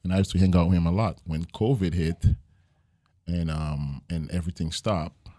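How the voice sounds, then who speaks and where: A man's voice: sits low, steady tone, normal speed, dark tone, no echo, clean studio sound. A man, a jiu-jitsu gym owner and podcast guest, talking in a casual interview in an earnest, reflective way, with frequent fillers as he tells stories.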